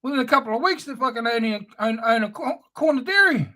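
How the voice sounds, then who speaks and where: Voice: mid-range voice, lively intonation, fairly quick, pushed and bright. A speaker delivering an angry, profane, sneering spoken-word rant.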